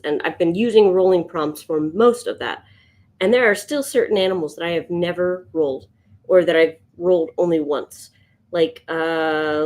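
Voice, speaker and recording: A woman streaming live as she sketches, chatting to viewers and thinking out loud, yawning now and then. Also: lowish voice. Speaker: livestream sketch artist. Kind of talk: casual livestream chat.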